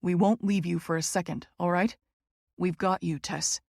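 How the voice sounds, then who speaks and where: A woman's voice: fairly low pitch, steady tone, moderate pace, gravelly, a little mellow, no echo, studio quality. A woman voicing a blunt, protective young man who swears freely and turns tender with a friend in an audiobook. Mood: soothing. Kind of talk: audiobook character voice.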